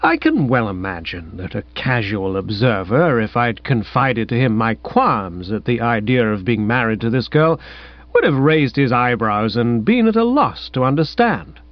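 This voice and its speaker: A man's voice: mid-range voice, very animated, moderate pace, no room sound. A man narrating a comic story in the first person with an airy, wry manner. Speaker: audiobook narrator. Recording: dull, dry, lo-fi sound.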